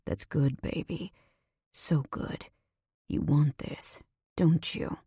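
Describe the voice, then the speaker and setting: A woman voicing a low, commanding crime boss. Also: steady tone, takes it slowly, mellow, slightly rough, no echo, studio quality, heavily acted. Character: commanding, dangerous male crime boss, deep-voiced.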